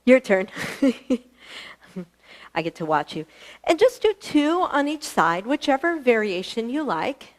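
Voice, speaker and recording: A woman's voice: on the high side, big pitch swings, takes it slowly, pauses often. Woman, yoga instructor, live online class, chatty, encouraging, slightly out of breath. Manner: chatty, encouraging, laughs often. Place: fitness studio.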